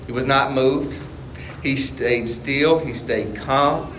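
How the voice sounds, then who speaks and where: A man preaching a sermon as a pastor, asking the congregation questions and swinging between loud and quiet passages. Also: medium pitch, slow pace, a little hiss or hum. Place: church sanctuary.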